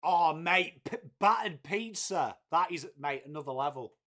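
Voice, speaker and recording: Male streamer with a higher voice, chatty laddish banter, swears freely. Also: expressive, measured pace, bright, forceful tone. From England, Whitby. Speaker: livestream host. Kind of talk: casual live watchalong chat, reading viewer messages.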